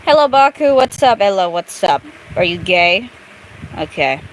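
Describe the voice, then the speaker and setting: A woman's voice: medium pitch, big pitch swings, measured pace, slight background noise, poor audio. A young woman commenting casually on a game she plays, crude and chatty, talking back at the game. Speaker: gameplay streamer.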